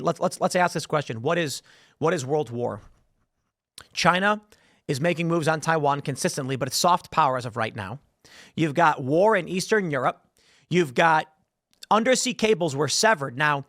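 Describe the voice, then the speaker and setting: Male political show host, slightly high voice, dry close sound, rambling delivery with repeats. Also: fairly bright tone, dry recording. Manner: rambling, repeats words, reads headlines aloud. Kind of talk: solo news commentary.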